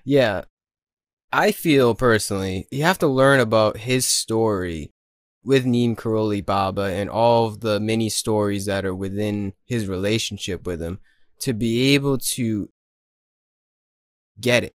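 A man's voice: lowish voice, unhurried, dry recording. A man hosting a podcast interview, attentive and affirming in casual chat. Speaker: podcast host. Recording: dry close sound.

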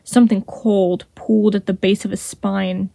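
A woman reads a fan fiction chapter aloud. Her tone is mellow and soft. The sound is dry and close. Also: mid-range voice, flat delivery, normal speed, creaky, dry recording. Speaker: podfic reader.

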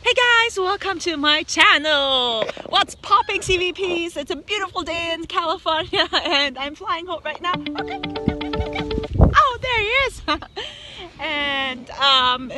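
A woman's voice: very high voice, measured pace, hardly any pauses, over music. A woman with a German accent vlogging outdoors in a windy park, bubbly and giggly, calling out to her parrot. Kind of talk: outdoor vlog chat.

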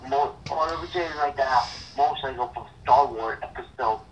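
A young man co-hosting a casual chat, speaking haltingly with repeated words and blunt opinions. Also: mid-range voice, distant mic, highs cut off, a little hiss or hum. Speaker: co-host.

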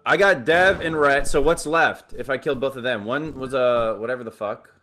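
A man in a gaming voice chat with a voice of ordinary pitch. He talks bluntly and bosses the group, trying to get everyone organized. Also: moderate pace, pushed and bright. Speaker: player in a social deduction game.

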